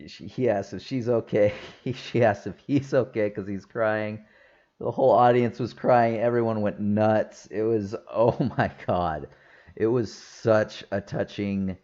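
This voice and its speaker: Male film reviewer, deep slow delivery, casual enthusiastic rambling. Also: darkish tone, lo-fi sound. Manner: rambling, enthusiastic, frequent fillers and laughs. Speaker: movie reviewer.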